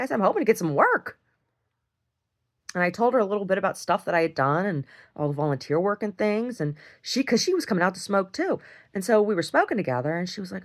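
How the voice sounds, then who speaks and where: A woman, probably in her thirties or older, telling a frank, animated story in a casual video diary, full of "like" and "right?". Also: medium pitch, fast. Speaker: video diarist. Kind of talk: casual monologue.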